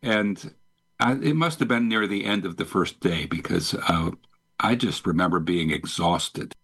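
A male musician in an interview, telling relaxed anecdotes about a recording session. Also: low voice, a little slow, slightly rough. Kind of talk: casual interview.

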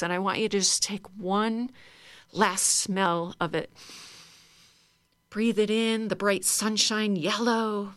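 A woman leading a group through guided laughter exercises, playful and encouraging, breaking into loud laughter. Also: mid-range voice, no room sound. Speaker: laughter yoga leader.

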